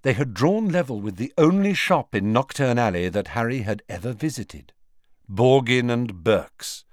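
Male audiobook reader, lowish voice, very animated melody, bone-dry booth. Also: no echo. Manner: expressive storytelling. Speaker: audiobook narrator. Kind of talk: scripted narration.

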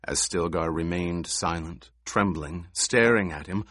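Slow, low-voiced male narrator. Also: a bit bright, husky, dry recording. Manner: slow, measured reading. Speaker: audiobook narrator. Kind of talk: scripted narration.

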